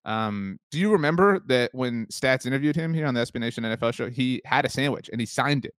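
A man's voice: mid-range voice, animated, quick pace, a bit bright, clear, resonant tone, dry recording. Chatty male sports podcaster, dry sound. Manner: chatty, many fillers, laughs easily. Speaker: podcast co-host. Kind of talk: casual sports chat.

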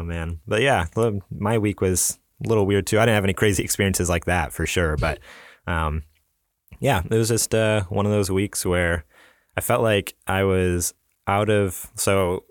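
A man's voice: low-pitched, fairly even intonation, normal speed, dry recording, clean studio sound. A man co-hosting a casual podcast chat, laid-back and self-deprecating. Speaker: podcast co-host.

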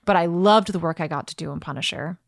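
A woman's voice: lowish voice, fast talker, gravelly, dry recording, studio quality. A woman in her thirties, a guest actor in a casual interview, talking reflectively with easy laughs and frequent restarts.

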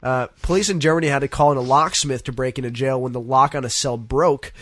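A man co-hosting a casual podcast chat, with a nasal voice and a joking, animated way of telling stories. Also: mid-range voice, fast talker, no room sound. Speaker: co-host.

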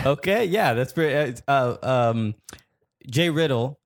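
Laughing man with a lively pitch. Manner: laughs a lot, halting, trails off. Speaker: podcast co-host. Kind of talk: casual chat.

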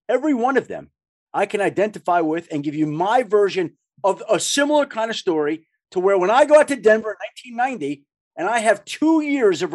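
A man in his fifties hosting an interview, swapping animated stories with his guest. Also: high voice. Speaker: podcast host, former sportswriter. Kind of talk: casual interview chat.

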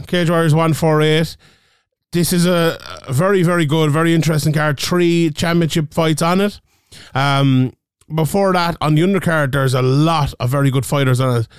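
A man's voice: on the high side, clean tone, no room sound, studio quality. A man co-hosting a podcast, chatting casually through a fight card in a rambling way full of fillers. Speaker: podcast co-host. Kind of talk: casual MMA fight preview chat.

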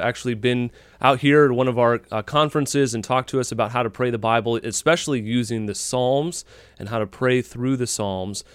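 A man hosting a radio interview in an easy conversational way, filling gaps with frequent pauses and fillers. His voice is mid-pitched and recorded dry and close. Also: dry recording. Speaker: radio host.

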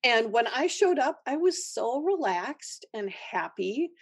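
A woman with a fairly high, breathy voice speaks slowly in a clean studio recording with no echo. She's a holistic nurse from Minnesota, USA, appearing as a podcast guest and sharing a personal story. She's an animated storyteller who laughs often and acts out the voices of the people she quotes.

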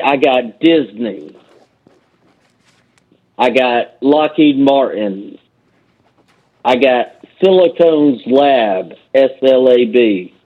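A man calling in to a TV stock show, earnest and listing his stocks one by one. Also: mid-range voice. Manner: slow, earnest, lists stocks. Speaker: caller. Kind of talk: phone-in question. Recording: dull lo-fi call-in line.

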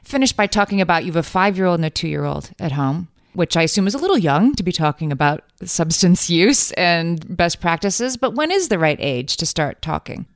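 A woman interviewer asking a measured question, heard a bit farther from the mic. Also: on the low side, lively intonation.

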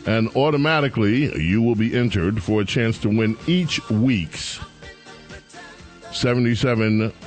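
A man's voice: on the low side, measured pace, faint music behind. A man hosting a talk radio show, delivering a sarcastic, mocking monologue. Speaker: radio host.

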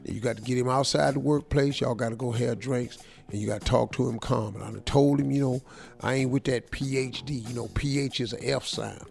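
A man hosting a radio morning show, giving comic advice in a joking, slangy, animated way. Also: medium pitch, brisk, gravelly, faint music behind. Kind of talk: comic advice talk, role-playing a letter writer.

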